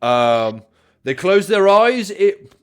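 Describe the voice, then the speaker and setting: Excitable, swearing young man. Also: high-pitched, slow, clear, resonant tone. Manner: excitable, swears a lot, reads facts aloud and riffs. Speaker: podcast co-host. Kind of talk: casual comedic chat.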